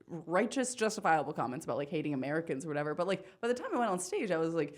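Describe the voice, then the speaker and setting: A woman from Pennsylvania, a comedian guest on a podcast, talking casually in a quick, joking, self-deprecating way. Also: deep voice, big pitch swings.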